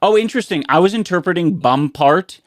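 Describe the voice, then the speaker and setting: A podcast co-host in casual chat, lively, swearing casually and trailing off mid-thought. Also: mid-range voice, fairly quick, dry recording, clean studio sound.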